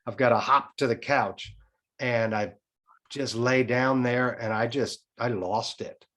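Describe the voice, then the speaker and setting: Speaking a little slowly at medium pitch, a man in his forties shares a personal tale on a podcast. The chat is casual, and he's blunt, cursing often and telling it with plenty of life.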